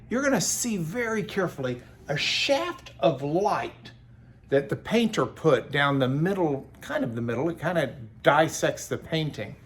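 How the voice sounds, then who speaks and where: A man's voice: fairly high pitch, a bit bright, breathy edge. A middle-aged man giving a daily Bible devotional from his office, earnest and emphatic, often repeating words as he goes. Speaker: Bible teacher. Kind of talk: daily devotional talk to camera.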